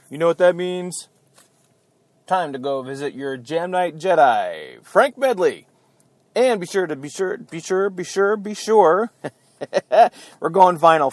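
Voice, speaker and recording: A man's voice: on the high side, no room sound. A man hosting a casual talk show, chatty, laughing at himself and hyping up his listeners. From Ohio. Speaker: podcast host.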